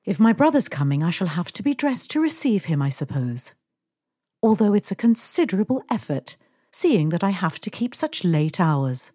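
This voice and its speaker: A woman's voice: fairly low pitch, very animated, moderate pace, warm tone, breathy edge, no room sound, studio quality. A woman reading aloud, voicing a languid, fussy wealthy middle-aged lady who complains and gives orders to her employee. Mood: languid, complaining. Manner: languid and complaining, a little imperious.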